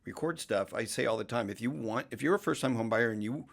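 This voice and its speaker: Brief: mid-pitched gravelly man, emphatic podcast guest. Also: fast talker. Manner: emphatic, talks in long explanatory runs. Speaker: mortgage professional guest. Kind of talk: casual podcast conversation.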